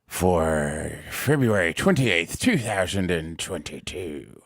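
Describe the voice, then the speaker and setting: A man voicing a hearty adult male pirate with a slow drawl. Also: deep voice, sing-song, pitched below the performer's own voice, heavily acted.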